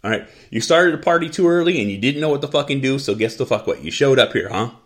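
A man's voice: mid-range voice, expressive, quick pace. Blunt, swearing ranting man. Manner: profane, blunt, rants and repeats himself. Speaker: podcast host. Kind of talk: profane angry rant.

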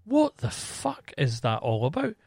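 Scottish guy telling stories in a casual chat, very animated, lots of swearing, dry sound. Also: fairly high pitch, a little slow, vocal fry, no room sound. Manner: animated storytelling, heavy swearing.

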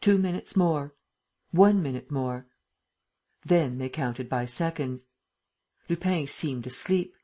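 A reader narrates a classic adventure novel at a steady, measured pace. The voice has a husky, slightly breathy grain and sits at a middle pitch. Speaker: audiobook narrator. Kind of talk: scripted audiobook narration.

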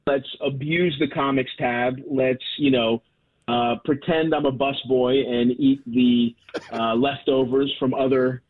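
A man rambles through a casual chat, joking at his own expense and restarting his sentences. He comes through a thin, tinny phone line. His pitch sits in an ordinary middle range. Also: steady tone, a little slow. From Baltimore. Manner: rambling, self-deprecating, many fillers and restarts. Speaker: comedian guest.

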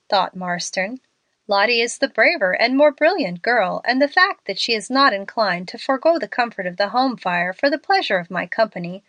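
A woman narrating a storybook, lifting her voice for the young women's lines. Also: dry recording. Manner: expressive, lifts pitch for the young women's lines. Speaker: audiobook narrator.

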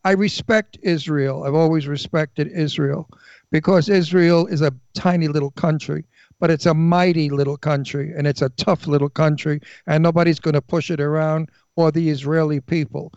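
A man's voice: a little high, fairly even intonation, moderate pace, darkish tone, no echo. A man hosting a radio talk show, speaking bluntly and opinionated, swearing freely. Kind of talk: casual radio chat. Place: radio studio. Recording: dry, dull lo-fi radio studio sound.

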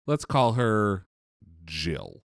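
A man co-hosting a podcast, telling stories in casual chat, animated and profane, laughing often. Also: on the low side, very slow, vocal fry, no echo, studio quality. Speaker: podcast co-host.

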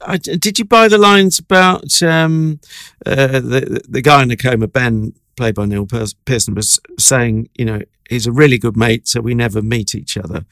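A man's voice: medium pitch, moderate pace, a bit bright, dry recording. A man co-hosting a review podcast, wry and rambling with playful asides. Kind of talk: casual review chat.

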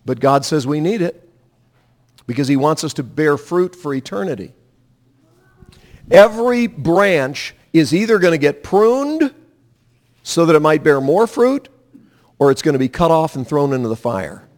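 A man's voice: on the high side, lively intonation, measured pace, long pauses, darkish tone. A man preaching a sermon, emphatic and drawing the congregation into repeating lines after him. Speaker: pastor.

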